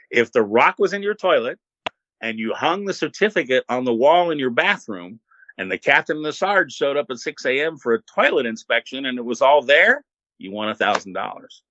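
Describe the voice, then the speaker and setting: An older man, a former radio host, telling stories as an interview guest in an animated, laid-back way and acting out what people said. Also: medium pitch, moderate pace, no room sound, highs cut off. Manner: animated, laid-back storyteller who acts out quotes. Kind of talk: casual storytelling.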